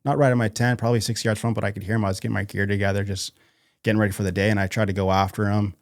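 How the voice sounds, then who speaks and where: Man, from North Idaho, podcast guest, halting speech, low pitch, dry close sound. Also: little pitch movement, no echo. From North Idaho, USA. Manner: halting, lots of fillers and restarts. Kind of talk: casual interview conversation.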